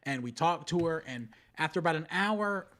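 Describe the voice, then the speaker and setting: A man's voice: fairly high pitch, expressive, moderate pace, a bit bright. A man hosting a live stream, casually recounting events to his co-hosts and viewers. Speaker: show host.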